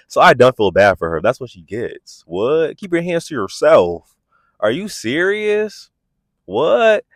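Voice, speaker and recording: A man hosting a casual vlog that reviews a reality show, talking in an animated, incredulous, sassy way. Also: medium pitch, unhurried, dry recording. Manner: animated, incredulous, sassy, keeps asking "are you serious". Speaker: reality TV reviewer, channel host.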